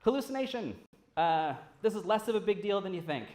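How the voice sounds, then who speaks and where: A man giving a casual, animated conference talk, swearing freely as he speaks. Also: high voice, fairly quick. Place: large lecture hall. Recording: roomy hall sound.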